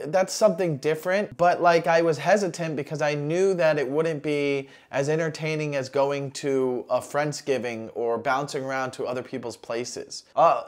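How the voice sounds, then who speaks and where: 40-something guy chatting loose about his comedy bit, voice on the higher side. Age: 40s. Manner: relaxed, conversational, with small restarts. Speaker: stand-up comedian. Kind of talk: casual talk explaining a joke.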